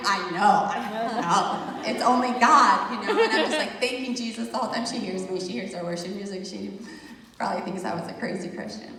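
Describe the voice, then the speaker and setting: A woman with a slightly high, creaky voice talks a little fast as she casually tells a group the story of her birth, laughing often and calling her listeners "you guys." The recording is very echoey, with a big-room sound, a distant mic, and crowd noise. She is animated, sharing a birth testimony.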